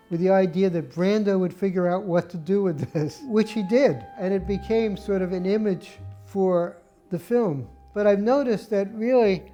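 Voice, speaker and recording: A man's voice: high-pitched, warm tone. An older man, a film set photographer, telling stories from past shoots in an interview and acting out remembered quotes. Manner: anecdotal, acts out remembered quotes. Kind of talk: storytelling interview.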